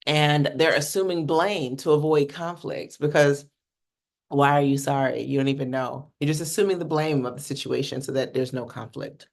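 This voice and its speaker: Gravelly, mid-pitched workshop coach from North America, casual and blunt. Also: steady tone, moderate pace. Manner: casual and blunt, swears freely, asks "right?" often. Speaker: communication coach. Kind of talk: workshop teaching talk.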